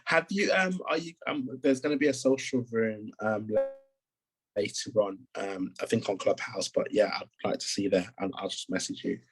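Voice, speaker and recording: Male podcast guest, husky voice, warm and effusive in relaxed chat. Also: lowish voice, moderate pace, faint music behind, low-quality recording. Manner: warm, gushing, easily moved. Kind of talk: casual chat.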